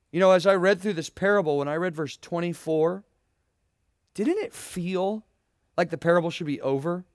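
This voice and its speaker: A man's voice: high voice, no echo, studio quality. A young man preaching a sermon, earnest and emphatic, asking rhetorical questions and addressing students directly. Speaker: pastor.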